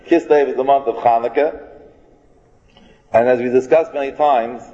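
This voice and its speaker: A man's voice: medium pitch, fairly even intonation, normal speed, warm tone. A man giving a Torah lecture to a live audience in a folksy, joking way, restarting phrases and mixing in Hebrew and Yiddish words. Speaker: rabbi teaching a class. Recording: dull, reverberant hall recording.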